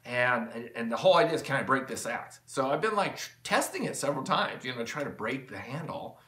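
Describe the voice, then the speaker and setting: A man's voice: mid-range voice, expressive, a little fast, sharp tone, reverberant. A man hosting his own channel, talking in a rambling, enthusiastic way with lots of fillers and restarts, from his home workshop. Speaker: channel host. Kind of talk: rambling casual vlog talk.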